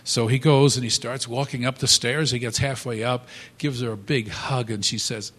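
A man telling a motivational story in a halting, animated way, with many restarts. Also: medium pitch. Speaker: speaker. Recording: long hall reverb.

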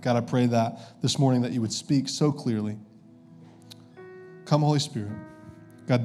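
A man's voice: mid-range voice, dark tone. A man preaching as pastor, conversational and easygoing, with frequent filler sounds and restarts. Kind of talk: sermon.

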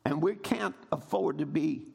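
High-voiced preacher. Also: male voice, measured pace, creaky, slightly rough. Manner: preaching with rising shouts and call-and-response amens. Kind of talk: sermon.

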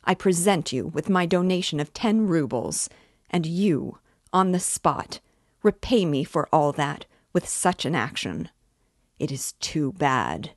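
A self-righteous middle-aged man lectures in a measured, reproachful way, as a woman reads his lines. The voice sits low and moves slowly. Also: expressive, no room sound, clean studio sound.

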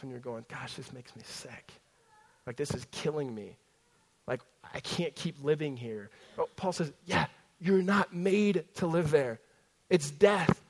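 A young man preaching a sermon in a conversational way, often dropping to a hush and then rising loud again, with many fillers and restarts. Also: a little high. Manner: conversational preaching with swings between loud and hushed; frequent fillers and self-interruptions. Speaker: pastor. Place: large room with a congregation.

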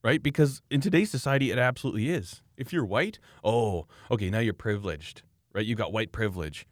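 A low-voiced man from Canada rants on a casual podcast, animated and scornful as he mocks his critics. His voice is recorded close and dry, with no room sound. He talks like a knife maker swapping stories. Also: brisk, no echo. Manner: animated, mocking, ranting.

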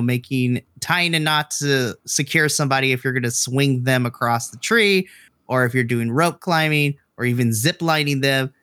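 A man's voice: mid-range voice, a bit bright, no room sound, studio quality. A man running a tabletop game, chatty and laughing often as he explains his rulings. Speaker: game master.

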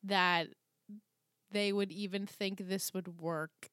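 A woman in her thirties co-hosting a podcast, recapping a TV episode in casual chat and acting out the characters' lines with animated delivery. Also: medium pitch, takes it slowly, clear, resonant tone, no echo, studio quality. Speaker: podcast co-host.

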